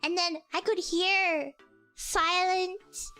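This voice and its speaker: A young woman streamer telling a story in casual chat, excitable, exclaiming, and mocking herself. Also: very high voice, extremely slow, faint music behind. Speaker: virtual streamer.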